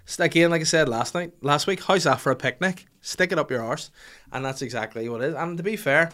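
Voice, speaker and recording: Animated man telling stories. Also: fairly high pitch, a little fast. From Northern Ireland. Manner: animated, profane, acts out voices in anecdotes. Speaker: podcast host. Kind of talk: comic storytelling chat.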